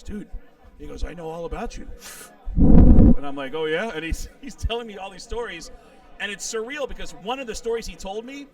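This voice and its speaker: Man, comedian guest, middle-aged, lively profane storytelling, slightly high voice, a bit off mic. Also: distant mic. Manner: animated, profane, quotes people in their voices. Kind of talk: storytelling in a podcast interview.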